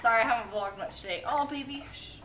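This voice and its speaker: A woman's voice: a little high, quick pace, a bit bright. A young woman vlogging at home and in a car, chatting casually and cooing baby talk to her dog. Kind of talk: casual family vlog. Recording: noisy handheld camera audio.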